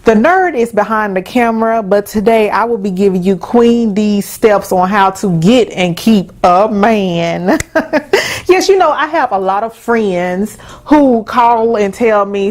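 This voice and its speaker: A woman's voice: a little high, measured pace. Emphatic woman giving advice. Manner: emphatic, repetitive, folksy, with stammered restarts. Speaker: host. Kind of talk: casual advice talk to camera.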